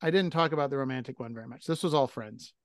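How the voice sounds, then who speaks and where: A man's voice: mid-range voice, quick pace, no echo, clean studio sound. A middle-aged man co-hosting a podcast, telling stories in a blunt, profane, self-mocking way. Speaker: podcast co-host. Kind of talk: casual chat.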